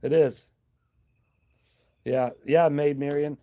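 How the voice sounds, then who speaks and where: A man hosting a casual live stream, rambling in a relaxed, friendly way, reading out viewer comments and thanking them. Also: a little high, slow, lo-fi sound.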